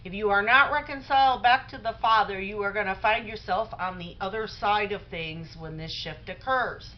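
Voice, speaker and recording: A woman's voice: medium pitch, moderate pace. Middle-aged lady chatting about the bible, lots of "you know", kinda muffled audio. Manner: conversational storytelling with many fillers. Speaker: Bible teacher. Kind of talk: casual religious talk.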